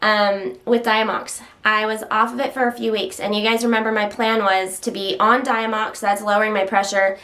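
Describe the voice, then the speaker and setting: A health vlogger chats casually to the camera at home while standing, slightly out of breath. Her medium-pitched voice is a bit bright, and she rambles, interrupts herself and stutters now and then.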